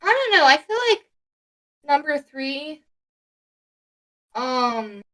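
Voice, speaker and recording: A woman's voice: high voice, big pitch swings, slow pace, bright, forceful tone. A young woman co-hosting a podcast in casual chat, hesitant and joking, with frequent fillers. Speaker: podcast co-host.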